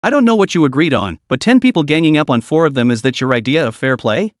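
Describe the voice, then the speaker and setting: A man's voice: on the high side, sing-song, quick pace, dry recording, clean studio sound. A man voicing a cocky young male martial artist with a sarcastic edge, in a story recap.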